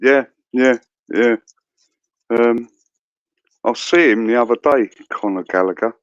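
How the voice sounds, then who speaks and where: A middle-aged man on a phone call, talking casually in a rambling, halting way, full of fillers and swearing. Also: medium pitch, dry recording. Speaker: guest caller. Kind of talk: casual chat.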